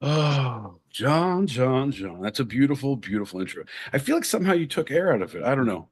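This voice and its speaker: A man from Southern California co-hosting a podcast with rowdy, jokey banter, switching between showman bursts and low mutters. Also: very animated, a little fast, slightly rough. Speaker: podcast co-host.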